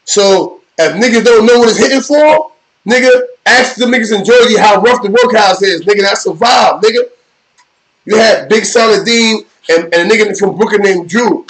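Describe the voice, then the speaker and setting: A man's voice: high-pitched, fairly bright tone, poor audio. A middle-aged man, hosting a live stream and telling rambling, profane street stories in casual chat. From New York. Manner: rambling, profane street storytelling with repeated "you know what I mean". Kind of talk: casual storytelling.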